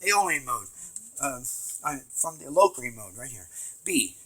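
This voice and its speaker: A man giving a rambling home video lecture, emphatic and swinging from loud to quiet. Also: medium pitch, sing-song, a little slow, rough recording.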